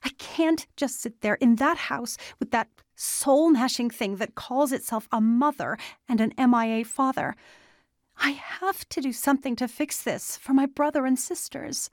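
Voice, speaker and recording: A woman voicing a stubborn, desperate teenage girl who argues insistently and sometimes breaks into yelling. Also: medium pitch, normal speed, dry recording, clean studio sound, natural voice. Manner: insistent, argumentative, rising to yells.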